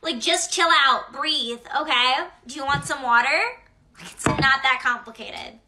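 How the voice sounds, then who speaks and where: A woman's voice: high-pitched, moderate pace, background noise, lightly acted. A young woman acting a bratty, condescending teenage mean girl in a comedy sketch, with a snide, fake-sweet manner. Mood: dismissive.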